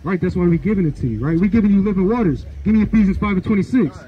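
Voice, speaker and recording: Street preacher, man, high voice and quick delivery, dull lo-fi outdoor recording. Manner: preachy, asks for verses and keeps saying "right?". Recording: dull lo-fi sound, faint outdoor noise.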